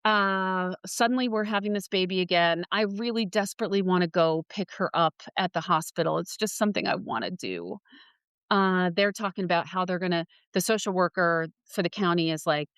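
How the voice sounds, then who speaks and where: A woman guest on a podcast, telling a personal story with lively acted-out quotes. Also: lowish voice, brisk, smooth, no echo. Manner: animated storyteller who acts out quoted voices.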